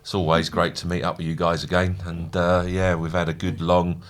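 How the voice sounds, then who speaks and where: A man's voice: low voice, little pitch movement, moderate pace. A middle-aged man, a company founder guesting on a podcast, joking and rambling with fillers. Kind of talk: casual podcast chat.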